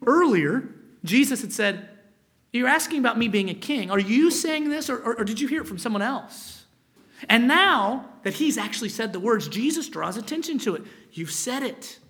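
A man's voice: very high-pitched, animated, normal speed, a bit bright. A male pastor preaching a sermon, reading scripture aloud and explaining it, sometimes dropping to a whisper for emphasis.

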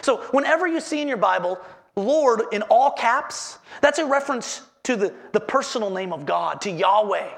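A man's voice: sits high, lively intonation, moderate pace, creaky. A man preaching a sermon as pastor, earnestly repeating his headings and asking the congregation questions.

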